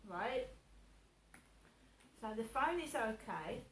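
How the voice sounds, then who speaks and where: A woman's voice: a little high, animated, slow pace, slight background noise. Chatty woman vlogging in an echoey room. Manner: chatty, repeats herself, acts out others' words. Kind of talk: casual personal vlog. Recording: echoey room, voice a little distant, faint background ambience.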